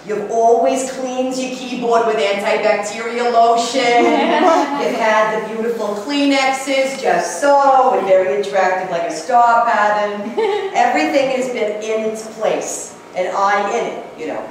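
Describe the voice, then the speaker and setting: A woman's voice: a little high, a little slow, slight background noise, lightly acted. A woman performing a giddy, gushing older retired accountant in a live one-woman stage comedy, laughing often and dropping into conspiratorial asides. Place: theater stage. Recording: echoey theater from a distant mic.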